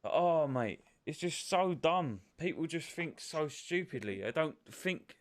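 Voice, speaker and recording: A man's voice: fairly high pitch, lively intonation, unhurried. A man chatting bluntly on a live stream, swearing and often repeating his words. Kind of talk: casual chat on a live stream.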